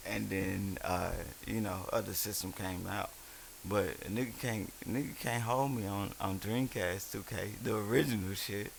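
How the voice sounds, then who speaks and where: A man's voice: on the low side, fairly even intonation, moderate pace, creaky, slight background noise. A man in casual podcast chat, loose and profane, telling stories with friends. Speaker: podcast co-host.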